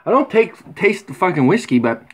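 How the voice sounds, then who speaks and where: A man's voice: high-pitched, big pitch swings, a little fast, a bit bright. Profane rambling man. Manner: profane, rambling, rough-humored. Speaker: vlogger. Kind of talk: crude casual vlog. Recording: faint background noise.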